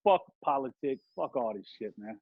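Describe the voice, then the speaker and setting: A man's voice: medium pitch, expressive, normal speed, dry recording. A man ranting heatedly and profanely on a podcast, rambling from one grievance to the next. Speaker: podcast guest rapper. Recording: dull lo-fi sound.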